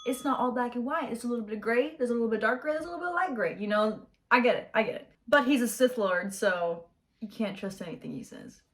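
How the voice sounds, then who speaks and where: A young woman chatting casually in her bedroom while she does her makeup, high-energy and slangy. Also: quick pace, slight background noise. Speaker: beauty vlogger. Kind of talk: casual get-ready-with-me chat.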